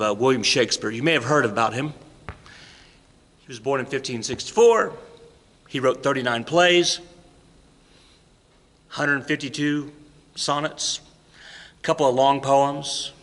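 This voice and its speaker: A man delivers a keynote speech in a playful, theatrical storytelling manner. His voice is bright and forceful. It rings with the long reverb of a high school auditorium. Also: expressive, unhurried, long pauses. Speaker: keynote speaker at a school induction ceremony. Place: high school auditorium, stage and control booth.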